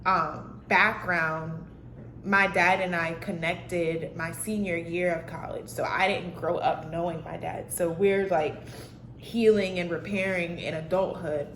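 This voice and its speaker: A woman vlogs alone at home, speaking candidly and heartfeltly in a loose, rambling way full of fillers. Her voice sits a little low. The room echoes around her over a faint background hiss. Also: fairly even intonation, a little slow, a bit bright. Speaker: vlogger on healing and mental health. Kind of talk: casual heartfelt vlog talk. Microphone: self-recorded camera.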